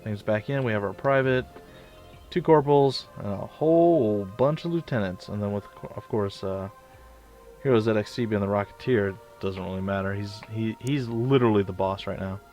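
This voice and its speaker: A young man casually commenting on his own gameplay, chatty and self-mocking, with sudden loud outbursts. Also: on the low side, moderate pace, muffled recording, soft background music. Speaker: let's play gamer.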